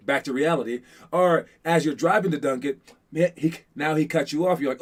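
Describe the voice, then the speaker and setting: A slightly higher-voiced man coaching a youth team. He talks loosely, full of fillers and restarts, and jumps into animated acted quotes. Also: brisk. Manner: acts out quotes with sudden hype. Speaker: basketball coach.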